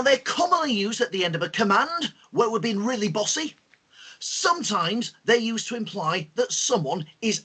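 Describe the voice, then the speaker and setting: Upbeat male host teaching kids online, high voice with a husky edge, lots of ums. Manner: lively, expressive teacher talk with fillers. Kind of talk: online lesson for school pupils.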